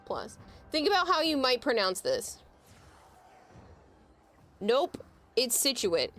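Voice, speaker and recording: A woman's voice: high-pitched, sing-song, takes it slowly, fairly bright tone, faint music behind. A woman, chatting casually on a livestream and explaining with amused laughs.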